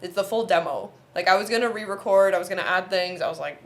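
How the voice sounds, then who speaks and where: A woman's voice: fairly low pitch, quick pace. A young woman from Oman in her twenties, telling a personal story on a casual podcast chat and acting out the quotes. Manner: animated storyteller who acts out quotes. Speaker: podcast co-host and musician.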